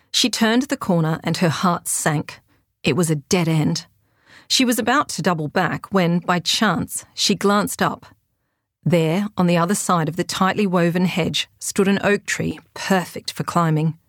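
A woman, the author, narrating her children's adventure book in a clear, steady manner. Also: lowish voice, measured pace, no room sound, studio quality. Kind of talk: audiobook narration.

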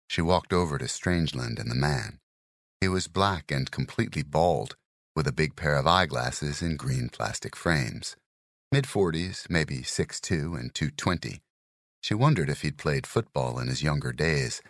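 A man narrates a crime thriller with an exceptionally deep, bass-heavy voice. His delivery is measured and even, in steady storytelling. The recording is close and completely dry, with no room sound. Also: dry recording. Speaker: audiobook narrator.

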